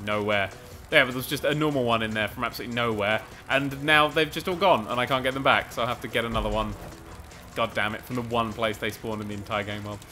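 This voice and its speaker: A man commentating a video game race, excitable and sweary, rambling and mocking himself, a little out of breath. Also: mid-range voice, fast. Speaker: gaming commentator. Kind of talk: let's play commentary.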